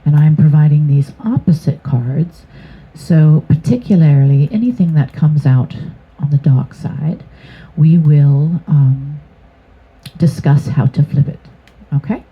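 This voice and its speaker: A woman whose voice sits low, slightly rough and a little slow gives her channel a casual tarot reading. She rambles hesitantly with many fillers, and the sound is tinny, as if from a phone.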